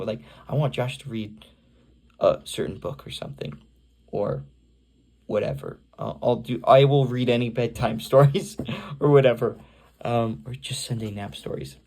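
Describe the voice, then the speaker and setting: A young man with vocal fry, rambling self-consciously with lots of fillers as he records a casual home video, reading aloud for his family on the camera's built-in mic. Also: mid-range voice, darkish tone. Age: young adult. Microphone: camera's built-in mic, no external microphone.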